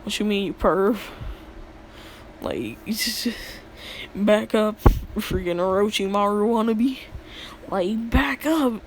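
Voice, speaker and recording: A woman's voice: mid-range voice, animated, takes it slowly, long pauses, a little hiss or hum. A woman voicing a sassy teenage boy hero with a mocking, indignant manner. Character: sassy teen boy hero, brushing someone off.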